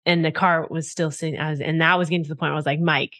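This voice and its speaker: A woman's voice: low voice, flat delivery, very fast, a bit bright. A young adult woman co-hosting a podcast, telling a story in a casual chat, acting out quotes and swearing freely. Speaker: podcast co-host.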